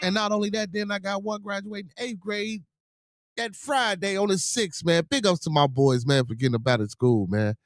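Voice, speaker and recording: A man hosting a livestream podcast, animatedly begging chat for super chats and shouting out supporters. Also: high voice, normal speed. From Chicago area.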